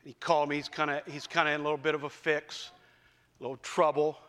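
A man delivers a sermon in a folksy, conversational way, slowing down to stress a point. His voice sits high and sounds bright. Long reverb from the hall trails behind his words. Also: level tone. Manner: folksy, conversational, varies pace for emphasis. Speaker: preacher. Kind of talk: sermon with storytelling.

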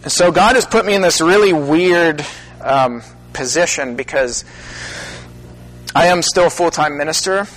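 A middle-aged minister speaking earnestly to an audience, with halting pauses that build into emphatic stresses. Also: male voice, on the high side, fairly bright tone, poor audio. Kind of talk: personal testimony talk to an audience.

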